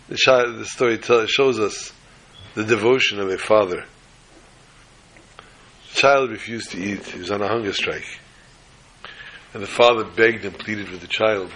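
A man giving a lively sermon as a Torah teacher, telling a story with chuckles and quoting Hebrew sources. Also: lowish voice, breathy edge, rough recording.

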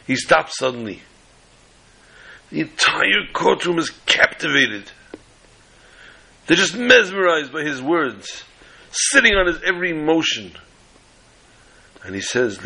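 A man narrates a story with flair, dropping to near-whispers and then rising again. His delivery is slow and deliberate, and his voice carries a bright, forceful edge. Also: on the high side, very animated, creaky, poor audio. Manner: dramatic, with big swings between loud and hushed. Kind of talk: dramatic oral storytelling.

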